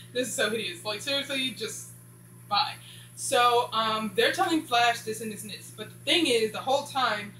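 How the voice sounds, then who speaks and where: A woman's voice: fairly high pitch, fairly bright tone. A woman casually recapping a TV series, rambling and filling gaps with "blah blah.". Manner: rambling, says "blah blah" a lot. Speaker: show reviewer. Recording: echoey room with faint hum.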